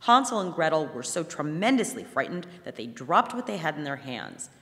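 A woman reads a fairy tale aloud at a live museum event, telling it in an animated way. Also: low-pitched, moderate pace. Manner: animated storytelling. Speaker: reader. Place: museum hall, before an audience. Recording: long hall reverb.

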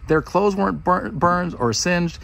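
A man telling a Bible story in a casual, animated, conversational way. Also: high voice, a little slow, gravelly. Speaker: preacher.

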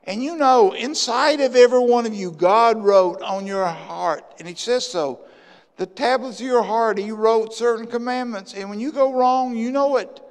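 High-voiced pastor in echoing church. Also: male voice, moderate pace. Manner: impassioned, swinging between loud bursts and hushed asides. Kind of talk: sermon. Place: church sanctuary. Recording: long church hall reverb.

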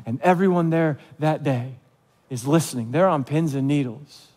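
A man preaching to a church congregation in a loose, conversational way, often turning questions back on his listeners. His voice sits fairly high for a man. A long reverb trails after his words, as in a large church hall. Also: brisk, darkish tone. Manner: conversational, asks the audience questions; acts out quoted voices of listeners. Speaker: pastor. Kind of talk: sermon.

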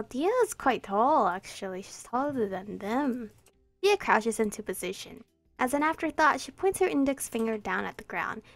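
A young woman playfully reading a visual novel aloud as a streamer, giggling and breaking into loud outbursts. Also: on the high side, vocal fry, dry recording. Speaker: let's play streamer.

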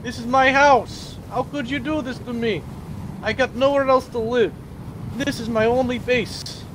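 A man's voice: very high-pitched, steady tone, unhurried, background noise. A man on in-game voice chat, pleading and angry with dramatic, whiny outrage.

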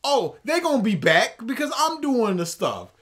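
Commentary co-host, casual chat, mocking tone, voice swings up and down a lot, mid pitch. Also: sing-song, moderate pace, a bit bright. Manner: mocking, slips into impressions of the person discussed.

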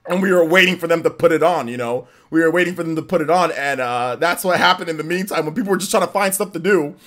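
A man hosting a casual live stream, rambling through stories, repeating himself and often trailing off into quiet laughter. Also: fairly high pitch, fast talker. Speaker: livestream host.

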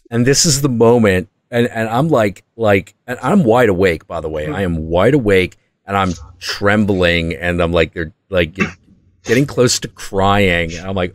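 Very deep-voiced man telling a wild story. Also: moderate pace, no room sound. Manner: intense, profane, excitable retelling. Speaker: host. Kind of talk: casual storytelling monologue.

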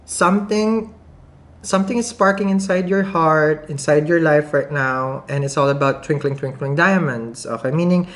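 A woman's voice: low-pitched, normal speed. Giggly woman reading tarot, foreign accent. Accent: non-native English accent. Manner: chatty, giggly, thinks aloud with many restarts. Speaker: tarot reader. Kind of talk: casual tarot reading to camera.

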